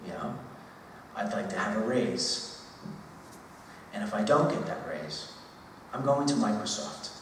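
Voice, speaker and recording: Man voicing a boastful young male employee demanding a raise, low voice, echoey hall. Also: measured pace, pauses often, recorded from a distance, a little hiss or hum, close to an everyday voice. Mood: cocky.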